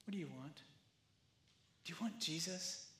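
A man pastor preaching a sermon in a conversational, animated way, often acting out the quotes. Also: high voice, moderate pace, echoey room.

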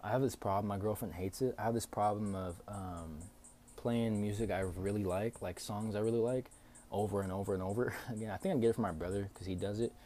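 A young man hosting a podcast, telling a story in a casual, profane, animated way with lots of fillers. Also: on the low side, a little fast, a little hiss or hum. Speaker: podcast host.

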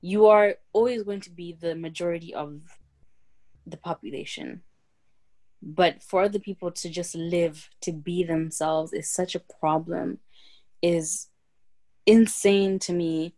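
A woman's voice: fairly low pitch, steady tone, unhurried, mellow. A young woman co-hosting a podcast, talking in a rambling casual way full of fillers. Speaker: podcast co-host. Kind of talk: casual chat.

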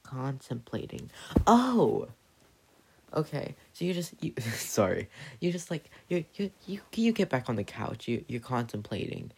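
A man with a gravelly, husky voice rambling through a profane, stumbling comedic monologue. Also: mid-range voice, big pitch swings, moderate pace, slight background noise.

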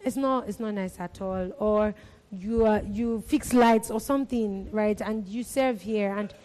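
A woman's voice: mid-range voice, a little slow, dark tone. A woman exhorting church volunteers, talking in emphatic repetitions and laughing often. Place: church hall. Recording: long reverb of a church hall.

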